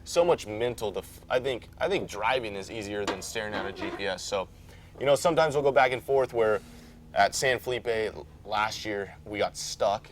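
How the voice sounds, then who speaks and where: A man talking casually as a guest about racing, easygoing and rambling, getting animated when he retells a story. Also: fairly low pitch, normal speed. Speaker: off-road truck racer, guest. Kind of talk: casual chat.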